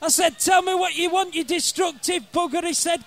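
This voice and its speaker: A man performing brash comic verse at a live gig, shouting at his listeners. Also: very high-pitched, moderate pace. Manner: brash, rowdy, bellowing at listeners. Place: live music venue.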